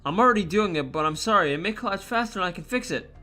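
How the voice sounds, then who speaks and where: A man voicing a flustered, nervous male doctor in a game, hurried and apologetic. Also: sits high, lively intonation, bright, forceful tone.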